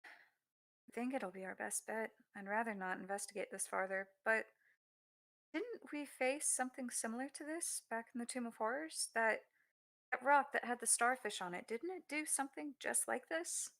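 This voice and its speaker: A woman player at a tabletop game, moving between speaking as her character and narrating what her character does. Her mid-pitched voice carries a gravelly, fry-laden edge. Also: normal speed, fairly bright tone. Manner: mixes in-character talk with third-person narration of her character.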